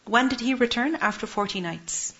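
A woman's voice: on the high side, moderate pace, a bit bright. A woman teaching a Quran lesson, explaining Arabic words and asking her listeners questions. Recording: muffled lo-fi recording.

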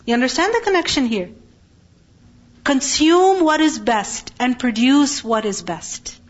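A woman with a high voice gives a religious lesson to a class. She keeps asking her listeners questions and then answers them herself. The recording sounds dull and lo-fi. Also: expressive, unhurried. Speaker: Quran teacher.

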